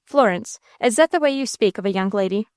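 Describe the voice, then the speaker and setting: A woman voicing a cold, scheming young gentleman villain in an audiobook, speaking coolly and sternly. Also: mid-range voice, animated, a little fast, clean tone, no echo, clean studio sound, close to an everyday voice. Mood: sneering. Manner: cool, stern, sneering.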